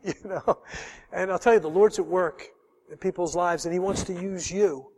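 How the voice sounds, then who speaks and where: Man preaching, high voice, earnest and emotional, middle-aged, long hall reverb. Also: fairly even intonation, fairly quick, darkish tone. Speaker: pastor. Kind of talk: sermon.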